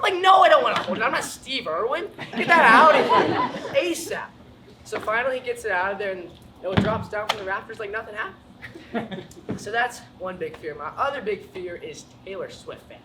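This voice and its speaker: A young man with an American accent performs stand-up, his high voice leaping around as he acts out his own panic. The set sounds like a live show, with heavy noise behind him. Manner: animated storytelling, acts out panic. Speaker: student stand-up comedian. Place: school auditorium with live audience.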